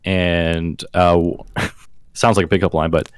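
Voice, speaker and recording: Man, tabletop player, hesitant, stammering, low voice, dry close recording. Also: flat delivery, slow, clear, resonant tone, no echo. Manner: hesitant, stammering, laughs easily. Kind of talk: casual tabletop play.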